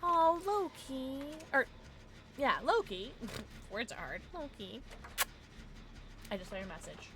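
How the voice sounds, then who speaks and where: A tipsy woman livestreaming a game, chatting casually with her viewers, giggling and breaking into loud squeals and shouts. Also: medium pitch, sing-song, unhurried, long pauses, background noise. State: tipsy from drinking. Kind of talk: casual livestream chat while gaming.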